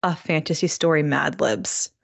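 A woman co-hosting a casual book podcast, laughing often and reading blurbs aloud in a slow, deliberate audiobook voice. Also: sits low, vocal fry, no room sound. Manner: giggly, reads blurbs in a slow put-on audiobook voice. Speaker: podcast co-host.

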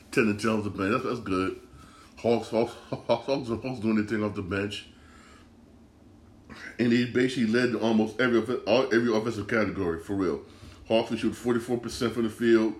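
A man's voice: fairly low pitch, roomy sound. A man hosting a sports podcast alone, ranting about basketball results in a profane, exasperated, repetitive way. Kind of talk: solo sports rant.

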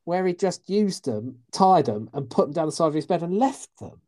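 A man chatting casually on a podcast, chipping in short reactions and swapping his own stories. His voice sits a touch high and sounds relaxed. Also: normal speed. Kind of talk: casual chat.

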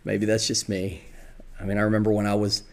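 A middle-aged man with a Southern American accent, telling his own recovery story in a reflective, confessional way. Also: fairly low pitch. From Southern United States. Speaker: podcast storyteller.

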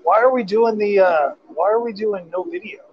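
A man's voice: high voice, normal speed, highs cut off. A man from Missouri co-hosting a casual podcast, enthusiastic and rambling. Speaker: podcast co-host.

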